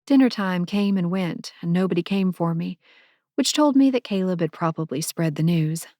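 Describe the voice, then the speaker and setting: A woman narrating a first-person romance audiobook in a soft, intimate manner, on a close studio mic. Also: lowish voice, moderate pace, dry recording.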